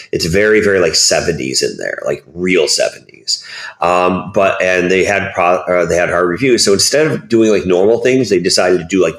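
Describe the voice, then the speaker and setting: A man being interviewed, telling rambling, animated stories packed with fillers. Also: deep voice, roomy sound. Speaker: guest. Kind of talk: casual interview chat.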